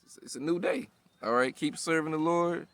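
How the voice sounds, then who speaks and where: A man's voice: on the high side, normal speed, a bit bright, dry recording. A man in his thirties giving a loose, casual sermon in a slangy, profane way, constantly asking "all right?" and "you know what I'm saying?". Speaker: preacher. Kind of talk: casual street-style sermon.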